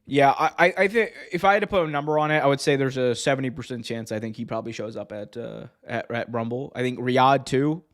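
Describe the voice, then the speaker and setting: A man's voice: medium pitch, quick pace, few pauses, a bit bright. A man hosting a casual wrestling news podcast, rambling, joking and correcting himself as he goes. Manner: rambling, self-correcting, jokey. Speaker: podcast host.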